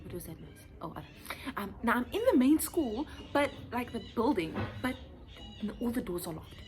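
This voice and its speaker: Animated young woman telling a story. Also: fairly high pitch, normal speed, faint music behind. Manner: animated, acts out voices and sounds while telling a story. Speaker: first-year teacher and vlog host. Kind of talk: casual storytelling vlog.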